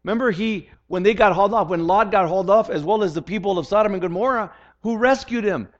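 In a dull lo-fi recording, an older man delivers a sermon as pastor with a high voice and quick pace. He's earnest and keeps restarting sentences, repeating words as he goes.

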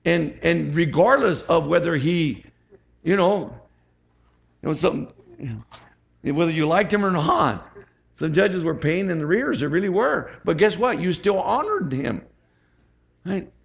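A man's voice: a little high, expressive, a little slow, vocal fry, long pauses. A middle-aged man preaching a conversational sermon as pastor, chatty and asking the congregation for amens. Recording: dull lo-fi sound.

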